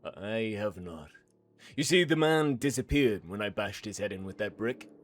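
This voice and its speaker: A man voicing a large, cold-blooded man who speaks in a flat, measured, unrepentant way. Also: lowish voice, no echo, faint music behind, natural voice. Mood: cold, calm.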